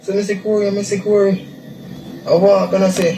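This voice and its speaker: A young man with a Jamaican Patois accent, giving a halting, repetitive eyewitness account, recorded in a distant, echoey, noisy clip. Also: high-pitched, level tone. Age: young adult. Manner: halting, repeats himself, acts out quotes. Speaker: witness interviewee.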